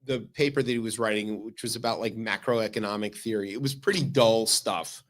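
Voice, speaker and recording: A man co-hosting a radio talk show, telling news stories in an animated, joking way. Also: fairly low pitch, rough recording. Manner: animated storytelling, quick asides. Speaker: radio co-host. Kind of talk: casual comedic news chat.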